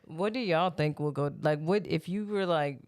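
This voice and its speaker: A woman's voice: deep voice, moderate pace, a little mellow. A woman co-hosting a podcast in casual chat, blunt and profane, laughing often. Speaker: podcast co-host.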